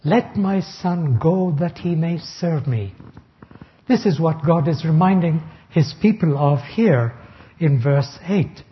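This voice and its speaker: A man preaching a sermon, reading scripture slowly and deliberately and stressing key words. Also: on the high side, highs cut off. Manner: slow, deliberate reading of scripture with emphatic rises. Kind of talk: sermon, Bible exposition.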